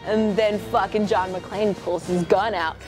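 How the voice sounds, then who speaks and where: A woman's voice: mid-range voice, steady tone, unhurried, over music. A tipsy woman hosting a comic movie recap, rambling and profane, with laughing asides. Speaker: host.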